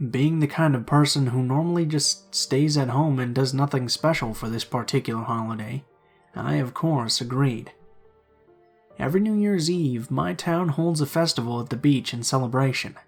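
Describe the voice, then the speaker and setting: A man reading true horror stories aloud in a hushed, suspenseful narrating voice. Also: mid-range voice, normal speed, soft background music.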